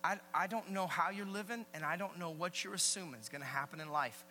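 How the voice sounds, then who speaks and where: A man preaching a sermon as a pastor, emphatic and animated, swinging between loud emphasis and hushed asides. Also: sits high, quick pace. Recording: long hall reverb with faint mains hum.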